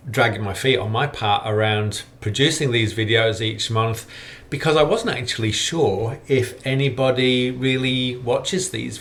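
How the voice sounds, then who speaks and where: A man's voice: medium pitch, a bit bright. A middle-aged man hosting a casual hiking vlog roundup, friendly and rambling with lots of fillers. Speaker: hiking challenge organiser and vlogger.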